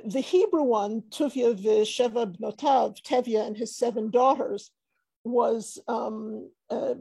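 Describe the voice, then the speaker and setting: A woman's voice: on the high side, vocal fry, warm tone, breathy edge, no room sound. A woman giving an academic panel talk over a video call, hesitant with many fillers and restarts.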